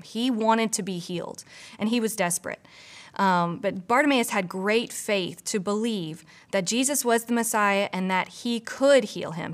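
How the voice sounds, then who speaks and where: A woman from a church staff giving a casual, earnest devotional, full of "you know" asides. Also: mid-range voice. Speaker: church pastor or staff member. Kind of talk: conversational devotional teaching.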